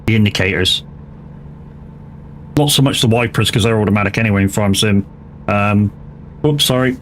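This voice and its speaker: A man's voice: lowish voice, normal speed, fairly bright tone, slight background noise. An English man and gaming streamer in casual chat during a livestream, rambling and chatty, swearing freely. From England. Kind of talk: casual chat while live-streaming a driving game.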